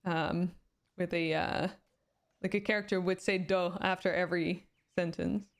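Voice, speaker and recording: A game streamer who is a native Swedish speaker with a Swedish accent chats casually with her live viewers, reading their comments aloud and replying. Her voice is lowish with fairly even intonation, and she keeps a moderate pace.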